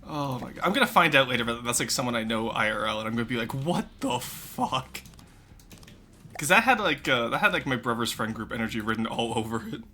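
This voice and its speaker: A live streamer chatting casually with chat, excitable, swearing freely and breaking into loud laughing fits. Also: medium pitch, racing, few pauses, slight background noise.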